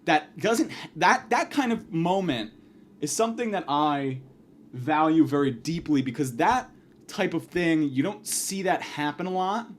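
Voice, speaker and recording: A man hosting a podcast, telling a rambling, profane comic story in a casual, animated way. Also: fairly high pitch. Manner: profane, rambling, fast, lively delivery. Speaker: podcast host.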